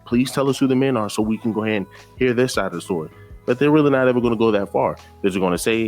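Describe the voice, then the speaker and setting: A man's voice: medium pitch, racing, darkish tone, faint music behind. A man hosting a reaction video, arguing his point in a preachy, argumentative tone. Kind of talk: reaction commentary.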